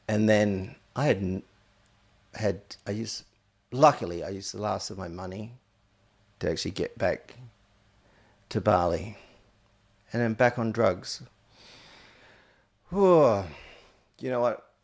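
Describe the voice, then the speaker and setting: Gravelly man telling a story. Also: lowish voice, unhurried, pauses often. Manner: rambling, blunt, profane. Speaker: podcast host. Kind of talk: candid storytelling monologue.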